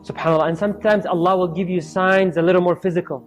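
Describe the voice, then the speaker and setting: A man's voice: sits high, fast, faint music behind. A man giving a storytelling sermon, acting out the voices of people in his stories. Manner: acts out quoted voices in lively storytelling. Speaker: Islamic speaker.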